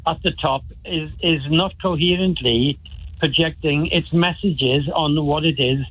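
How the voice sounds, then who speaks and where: A man calling in to a talk show, talking haltingly with many restarts. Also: a little high, no echo. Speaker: caller. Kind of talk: phone-in chat. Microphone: phone. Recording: tinny phone line.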